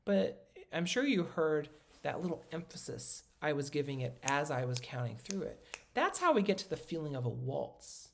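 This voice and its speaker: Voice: mid-range voice, sing-song, moderate pace, creaky, hardly any pauses, a little hiss or hum. A music instructor gives a recorded lesson, talking casually and patiently while drawing notation, with many ums and self-corrections.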